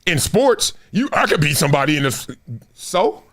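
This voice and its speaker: A man in his forties hosting a casual sports talk stream, animated and trash-talking, slipping into put-on fan voices. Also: a little high, moderate pace. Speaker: show host.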